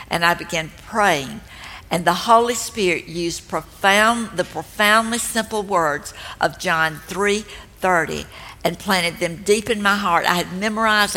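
Gentle older woman, bright tone, echoing hall. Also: fairly low pitch. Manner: slow, gentle, earnest delivery. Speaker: speaker at a women's ministry event. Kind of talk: devotional teaching talk. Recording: long hall reverb.

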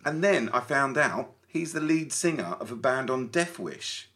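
A man chats on a podcast with an animated, stumbling delivery full of restarts. His voice swoops widely in pitch. It has a bright, forceful edge. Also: measured pace. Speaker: podcast co-host. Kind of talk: casual chat.

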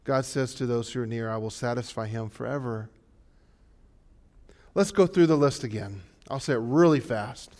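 A male pastor preaching a sermon, swinging from hushed, low passages to loud, rising exhortations. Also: moderate pace.

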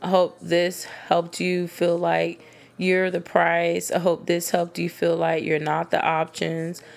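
A woman with a low, gravelly voice rants to the ladies about dating. Her talk is casual, blunt and full of swearing, and it keeps an animated edge as she warns women off bad men. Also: takes it slowly. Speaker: dating advice vlogger. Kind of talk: casual advice monologue to women.

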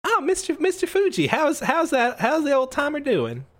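A man's voice: extremely high pitch, huge pitch swings, moderate pace, pitched above the performer's own voice, full character voice. A man voicing a scatterbrained, cheerful woman professor who stammers and rambles.

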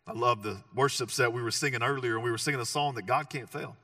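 Bright-voiced pastor preaching a casual sermon. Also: male voice, mid-range voice, fast talker, no room sound, studio quality, far from the mic. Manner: conversational and joking, with emphatic repeated phrases.

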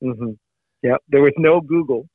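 A man's voice: mid-range voice, a little slow, no room sound. A man from Canada, a guest who founded a news site, talking earnestly in a casual interview with many restarts. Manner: earnest, with frequent restarts and fillers. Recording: tinny phone-like line.

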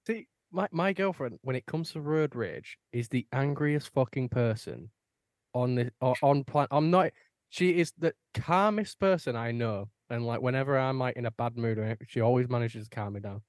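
A man's voice: mid-range voice, moderate pace, no echo, clean studio sound. A young man, telling stories in casual chat with laid-back swearing.

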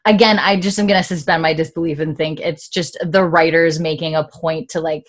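Low-voiced woman in chatty recap. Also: steady tone, a little fast. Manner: chatty, rambling, many fillers and restarts. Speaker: podcast co-host. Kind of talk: casual chat recapping a TV episode.

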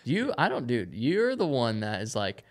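A man's voice: medium pitch, huge pitch swings, moderate pace. A young man, a BMX rider, chatting casually as a podcast guest, laid-back and laughing often, with lots of filler "like". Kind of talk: casual interview chat.

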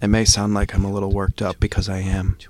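A man's voice: sits low, monotone, quick pace, noisy background. A man hosting a podcast, giving an intense, rhythmic spoken-word monologue that sometimes drops into a whisper. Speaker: podcast host.

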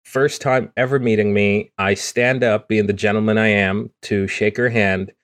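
A man's voice: on the low side, fairly even intonation, moderate pace, no echo. A man hosting a podcast in a casual, joking, self-deprecating way. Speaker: podcast host. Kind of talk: casual chat.

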